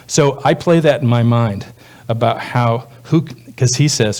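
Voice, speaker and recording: A man's voice: moderate pace, a little mellow. Male pastor preaching conversationally. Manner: conversational, voices quoted speakers with jumps in pitch. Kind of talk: sermon.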